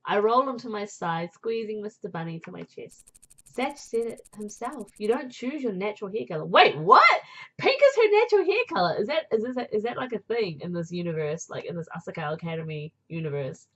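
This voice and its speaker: A woman reading a visual novel aloud as narrator, with chatty, playful asides and a breathy voice. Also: medium pitch, brisk, darkish tone, rough recording. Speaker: game narrator and player.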